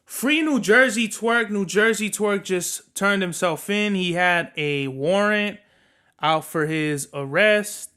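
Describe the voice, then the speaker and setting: A man with a bright, tense and smooth voice, pitched a little above the usual for men. He hosts a podcast alone, rambling through his opinions in a loose, slangy and often profane way. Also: slow. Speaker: podcast host. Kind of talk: casual solo commentary.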